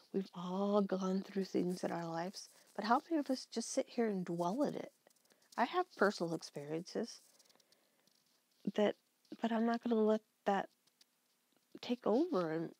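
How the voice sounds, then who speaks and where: A woman vlogger ranting in exasperated commentary, with a gravelly, husky voice. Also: medium pitch, dark tone, no echo. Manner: exasperated, venting.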